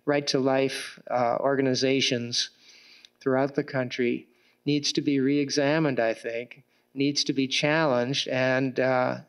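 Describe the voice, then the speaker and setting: Man at a debate, smooth clear voice, pretty monotone, measured w/ some uh's. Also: mid-range voice. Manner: measured, with fillers and repeated words. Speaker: political candidate in a debate. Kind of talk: public debate argument. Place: public meeting room with audience.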